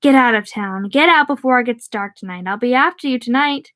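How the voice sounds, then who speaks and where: A woman's voice: a little fast, fairly bright tone, close to an everyday voice. A woman putting on a shrieking clown monster. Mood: menacing. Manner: shrill, mocking taunts.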